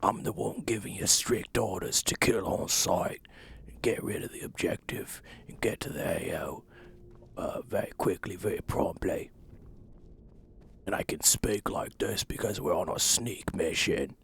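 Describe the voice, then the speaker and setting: A man voicing a gruff male thief who whispers orders over comms, with a Cockney London accent and a gravelly whisper. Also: deep voice, measured pace, a little hiss or hum. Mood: conspiratorial.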